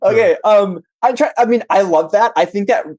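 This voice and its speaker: A high-pitched man runs a tabletop role-playing game as game master. He talks in a casual, easygoing way and laughs often. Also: moderate pace, a little mellow.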